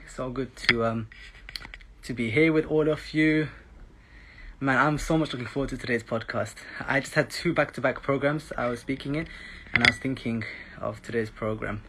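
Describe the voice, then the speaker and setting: A man's voice: mid-range voice, noisy background. A man hosting a podcast in casual chat, jokey and laughing often, a little out of breath. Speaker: podcast host.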